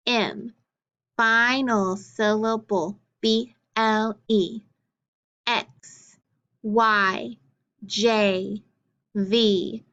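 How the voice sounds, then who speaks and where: Slow, patient phonics teacher, woman. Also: mid-range voice, fairly bright tone, clear, resonant tone, lo-fi sound. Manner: patient, sounds out letters and praises answers.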